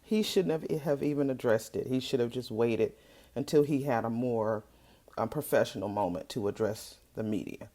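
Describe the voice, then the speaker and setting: A woman giving casual, teasing reaction commentary from a hotel room, sassy and quick to laugh. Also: a bass voice, dark tone. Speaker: reaction video host.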